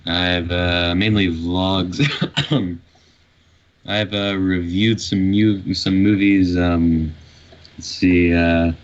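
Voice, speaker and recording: A man playing a casual young video maker in a tabletop game, slow and hesitant with many fillers. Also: low voice, fairly even intonation, dull audio. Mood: easygoing.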